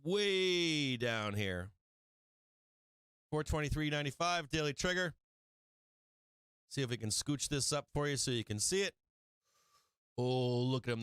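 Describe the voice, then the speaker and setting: A man hosting a live stock market stream, walking through charts in a brash, excitable way with casual swearing. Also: medium pitch, moderate pace, long pauses, clear, resonant tone, no room sound. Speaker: stock market show host.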